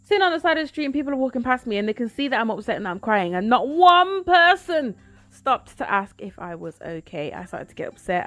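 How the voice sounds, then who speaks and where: A woman's voice: medium pitch, dry recording. Dramatic woman telling a story. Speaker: vlogger. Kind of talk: storytime vlog.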